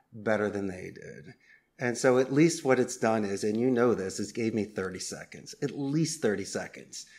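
A man's voice: mid-range voice, darkish tone. A man, a call center owner, speaking as a podcast guest with an upbeat, persuasive salesman's delivery. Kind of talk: conversational interview.

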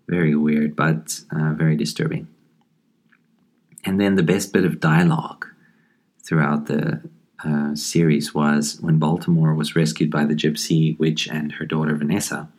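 Very deep-voiced man musing thoughtfully. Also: little pitch movement, darkish tone. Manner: thoughtful and halting, with frequent ums and restarts. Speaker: podcast host. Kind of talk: casual review of a horror comic.

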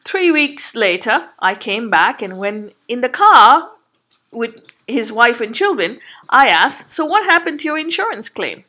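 A woman's voice: a little high, very animated, unhurried, sharp tone. A woman telling a personal story in an earnest, emphatic monologue, sometimes restarting her sentences. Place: Canada.

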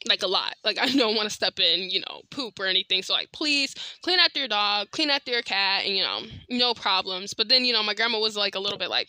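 A woman hosting a podcast, telling a story in a blunt, animated, slangy way straight to her listeners. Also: medium pitch, fairly quick, no room sound. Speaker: podcast host. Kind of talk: casual storytelling monologue.

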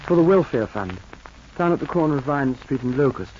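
An actor playing a meek, stammering man courting a woman in a 1940s radio drama, halting and bashful in his speech. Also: medium pitch, lively intonation, a little mellow, lightly acted. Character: meek stammering swindler posing as shy suitor. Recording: muffled old radio recording, faint hiss.

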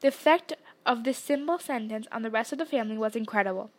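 High-voiced woman reading a novel aloud. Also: quick pace. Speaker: audiobook reader.

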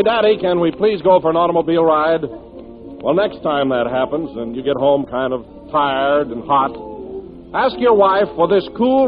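A man with a high, lively announcer's voice delivers scripted narration and an ad in smooth, declamatory style. His voice sounds thin and phone-like, with music behind him, as on an old radio broadcast.

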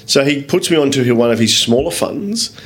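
A man with an Australian accent, a guest telling lively anecdotes in a casual interview, swearing freely and acting out other people's lines. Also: mid-range voice, moderate pace. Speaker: guest, business owner. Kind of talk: casual storytelling in a podcast interview.

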